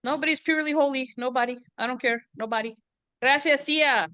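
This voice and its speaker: Bright, chatty woman hosting a book event. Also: high voice, fairly quick, smooth, no echo. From US-Mexico border region. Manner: chatty, joking, mixes in Spanish. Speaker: event host and professor. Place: classroom or event room.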